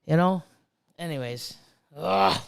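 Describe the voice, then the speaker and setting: A man's voice: on the high side, sing-song, slow pace, clean tone. A middle-aged man who breeds reptiles, ranting heatedly on a casual livestream, swearing constantly and repeating himself. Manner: profane, heated, repetitive ranting.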